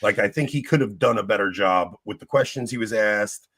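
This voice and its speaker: A young man co-hosting a podcast tells a story on a casual talk show, laughing often, making joking asides and mimicking the people in his story. His voice is lowish and fairly bright with a breathy edge, he talks fairly quickly, and there's no echo.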